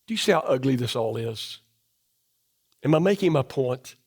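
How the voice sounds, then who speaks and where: A middle-aged man preaching a sermon in a church, asking the congregation question after question, his voice dropping low and soft to drive points home. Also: animated, moderate pace, breathy edge. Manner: emphatic, asks the congregation rhetorical questions. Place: church sanctuary.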